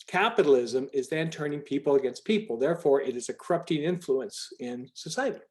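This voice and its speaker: A man's voice: medium pitch, lively intonation, a little fast, a little mellow. A man leading a group video call, talking in a rambling, emphatic way with many restarts. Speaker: call organizer.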